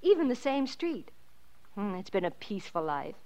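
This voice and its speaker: An actress playing a contented small-town wife and mother, gentle and reflective, in 1940s radio acting. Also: medium pitch, very animated, normal speed, a little hiss or hum.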